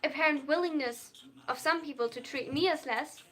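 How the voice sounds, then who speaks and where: Non-binary streamer, German accent, young adult, bright and sharp tone, earnest live-stream chat replies. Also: high voice, moderate pace. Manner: earnest, reads chat aloud and replies at length.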